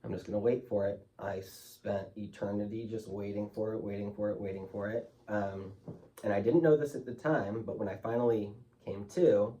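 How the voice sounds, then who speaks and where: A man's voice: lowish voice, fairly even intonation, moderate pace, warm tone, far from the mic. A man speaking as a guest in an interview, telling his story candidly and emotionally, loose with fillers like "like" and "you know".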